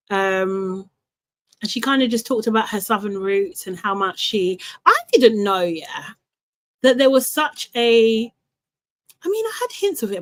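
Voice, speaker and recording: A woman's voice: mid-range voice, dry recording, low-quality recording. A woman hosting a casual chat, talking in a rambling way that often trails off mid-sentence. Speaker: podcast host.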